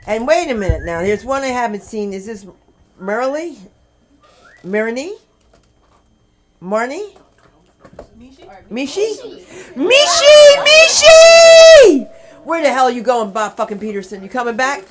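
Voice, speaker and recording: A woman's voice: on the high side, very animated, measured pace, pauses often, slight background noise. A woman hosting an open mic, hyping up the crowd and hollering out the next comic. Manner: hyped, hollering introductions. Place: comedy club stage.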